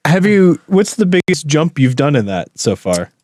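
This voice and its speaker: A man's voice: fairly high pitch, big pitch swings, normal speed, a little mellow, no room sound. Wry joking male co-host. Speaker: podcast co-host. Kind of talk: casual chat.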